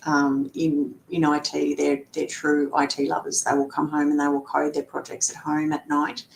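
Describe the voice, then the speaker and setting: A woman's voice: completely flat delivery, normal speed, gravelly, low-quality recording. A middle-aged woman, a lawyer guest in a casual interview, talking chattily with frequent fillers and laughs. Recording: faint background rumble.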